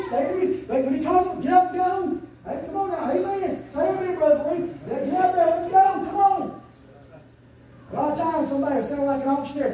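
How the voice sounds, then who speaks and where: A man preaching a fervent sermon as pastor, swinging from quiet asides up to loud shouts. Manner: fervent preaching, surging to shouts and dropping low. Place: church sanctuary. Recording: very echoey church sanctuary, mic at a distance.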